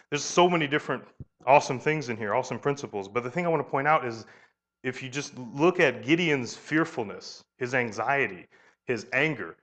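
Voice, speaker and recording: A man teaching scripture in a casual, unscripted style. He keeps turning to his listeners with questions, often with a quick "right?". When he retells the story, he voices the exchanges with lively shifts. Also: mid-range voice. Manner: informal, with frequent "you know" and "right?". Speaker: Bible teacher. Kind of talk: conversational Bible teaching.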